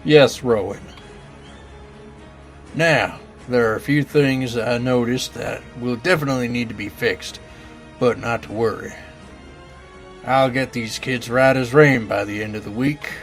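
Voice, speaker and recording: A man's voice: mid-range voice, unhurried, pauses often, faint music behind, lightly acted. A man voicing a brusque, impatient old male professor with a blustery, commanding manner. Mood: brisk. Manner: blustery, commanding, barks orders.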